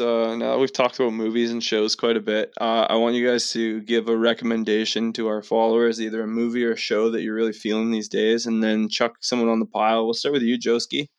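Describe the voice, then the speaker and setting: Crude, joking podcast host. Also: male voice, medium pitch, flat delivery, fairly quick, few pauses, clean tone, no echo. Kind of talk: casual podcast chat.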